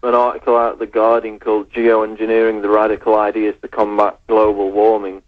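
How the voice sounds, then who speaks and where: A low-voiced man calling into a radio show over a tinny phone line. He keeps his delivery flat and measured as he reads out his findings. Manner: level, measured, reading out details. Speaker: researcher and writer on air.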